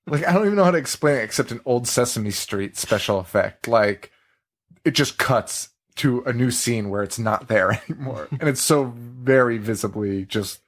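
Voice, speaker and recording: Laughing, animated male podcast host. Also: mid-range voice, moderate pace. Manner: laughing, animated, swearing freely. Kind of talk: casual movie-review chat.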